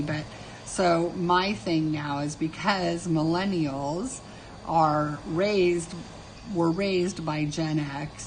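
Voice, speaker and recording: A woman's voice: low-pitched, a little hiss or hum, low-quality recording. A woman in her fifties chatting casually on a live stream while she draws, chatty and self-mocking, laughing often. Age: 50s. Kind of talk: casual chat while drawing.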